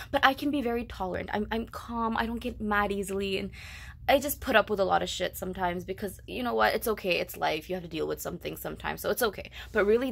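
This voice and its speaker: A young woman, Tamil her first language, ranting in a casual vlog, animated and exasperated, full of "like" and "okay". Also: mid-range voice, creaky. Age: young adult. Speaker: vlogger.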